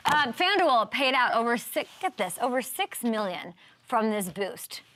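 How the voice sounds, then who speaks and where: A woman hosting a sports talk show, animated and joking, riffing fast on the weekend's games. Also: a little high, no echo. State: out of breath. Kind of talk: energetic sports talk monologue.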